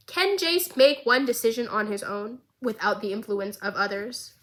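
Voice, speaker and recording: Young woman, bright tense voice, fairly high, excitable, rambling, casual show recap. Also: normal speed, poor audio. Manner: excitable, rambling, swears freely. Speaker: vlogger.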